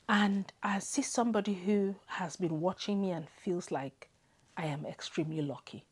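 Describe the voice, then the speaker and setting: A woman's voice: lowish voice, animated, normal speed, darkish tone, a little hiss or hum. A woman from Zimbabwe telling a heartfelt personal story to camera, tearful and often dropping to a whisper. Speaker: vlogger.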